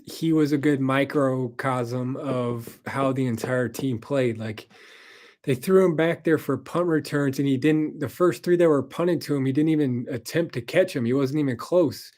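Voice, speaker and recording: A man's voice: mid-range voice, fairly even intonation, a little slow. A tired man casually rambling through a football weekend recap, frank and profane, with frequent ums. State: tired, yawning. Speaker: podcast host. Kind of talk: casual sports recap monologue.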